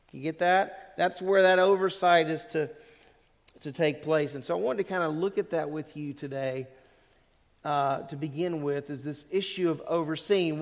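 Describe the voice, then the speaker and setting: A middle-aged male pastor preaching an expository sermon, talking with the congregation and often putting questions to them. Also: on the high side. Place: church sanctuary. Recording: long hall reverb.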